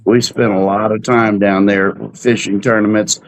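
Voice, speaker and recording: A man's voice: fairly low pitch, level tone, moderate pace, slight background noise. A man co-hosting a casual cruise chat show, telling rambling stories. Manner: rambling storyteller. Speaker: podcast co-host.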